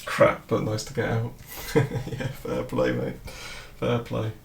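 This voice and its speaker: Gravelly man streaming casually. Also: lowish voice, sing-song, slow, a little hiss or hum. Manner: loose, rambling, swears and laughs often. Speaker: crypto trading streamer. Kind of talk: casual livestream chat. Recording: roomy echo, faint music behind.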